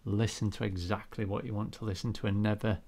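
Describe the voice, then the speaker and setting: A man's voice: lowish voice, little pitch movement, fast talker, darkish tone. A man, chatty and self-deprecating, talking viewers through a painting demonstration as he works. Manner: chatty, self-deprecating, thinks aloud while working. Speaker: art teacher.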